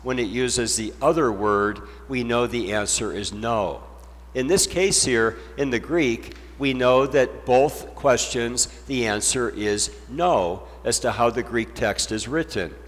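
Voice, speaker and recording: Slow-preaching man in a reverberant hall. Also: mid-range voice. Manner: slow, deliberate preaching with emphatic repetition. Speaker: pastor. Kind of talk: sermon.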